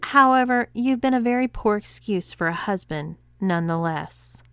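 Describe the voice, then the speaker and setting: A woman's voice: medium pitch, expressive, moderate pace, clean tone, no room sound, voice pushed up, lightly acted. A woman voicing a stern, commanding female cruise director who speaks with cool, controlled authority.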